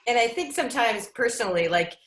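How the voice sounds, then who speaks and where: A woman's voice: on the high side, lively intonation, fast talker, a bit bright. A woman chatting casually and candidly, telling a personal story. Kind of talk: casual chat. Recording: echoey room.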